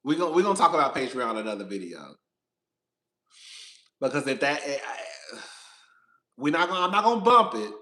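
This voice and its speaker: A man's voice: medium pitch, sing-song, a little fast, pauses often, bright, forceful tone. A man hosting a casual live stream, talking straight to his viewers in a sassy, profane, long-winded way. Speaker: host of a reality TV commentary channel.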